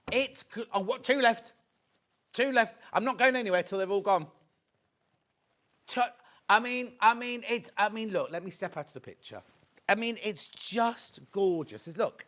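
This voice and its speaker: A British man presenting on a TV shopping channel, chatty and excitable as he counts down stock and jokes with the crew. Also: high voice. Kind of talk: live TV shopping sales patter. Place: TV studio.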